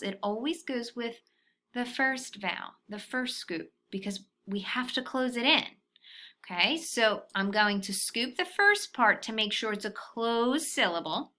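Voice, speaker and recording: Woman, phonics teacher for little kids, unhurried, bright clear tone. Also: on the high side. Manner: slow, patient, sounding out syllables. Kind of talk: phonics lesson for young children.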